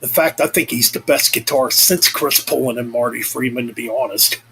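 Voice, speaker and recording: A man's voice: medium pitch, fairly quick, sharp tone, slightly rough, rough recording. Rambling, cursing man in a casual vlog. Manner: rambling, profane, self-correcting. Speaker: vlogger. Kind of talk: casual chat.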